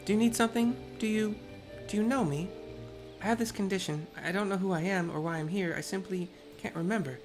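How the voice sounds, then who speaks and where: A man voicing a forgetful young woman who is lost and pleading, read softly with small stumbles. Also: sits high, a little fast, over music, pitched above the performer's own voice. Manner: soft, hesitant reading with small stumbles.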